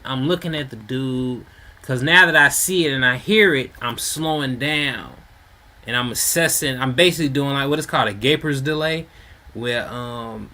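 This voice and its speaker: A man's voice: mid-range voice, sharp tone. A man telling a street story in a loose, rambling way, full of slang and fillers. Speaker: storyteller host. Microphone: home mic.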